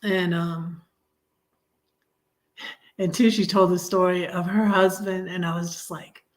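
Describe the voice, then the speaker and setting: Middle-aged lady on a livestream, slow and rambly, chatting right at her viewers. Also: lowish voice, fairly even intonation. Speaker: livestream host. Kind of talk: casual storytelling livestream.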